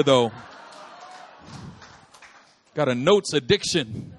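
A man preaching a lively, humorous sermon, repeating phrases for emphasis and calling out to his listeners. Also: sits high, moderate pace. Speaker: pastor.

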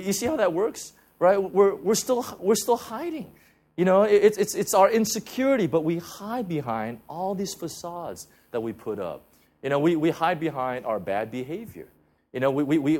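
A man preaching a sermon in a conversational style, full of "you know" fillers and repeated restarts, going soft and low when he speaks of grace. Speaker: pastor.

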